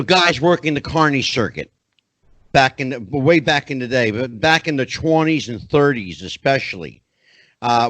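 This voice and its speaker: A man's voice: a little high, fairly bright tone, no echo. A middle-aged man hosting a podcast interview, chatty and often rephrasing himself. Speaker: podcast host.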